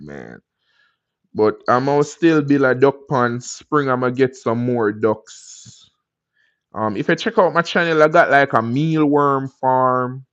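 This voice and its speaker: A man's voice: mid-range voice, no room sound. Man, Jamaican accent, live-stream host, casual viewer chat, rambling encouraging advice, muffled lo-fi audio. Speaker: livestream host.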